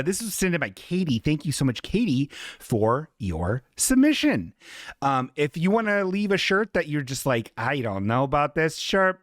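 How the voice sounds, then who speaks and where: A man hosting a live podcast and reading chat aloud, joking and swearing as he goes. His pitch swings widely and sits a little high for a man. The sound is dry and close to the mic. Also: no room sound. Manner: animated, swearing, jokey, puts on silly voices for chatters. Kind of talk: casual live-stream chat.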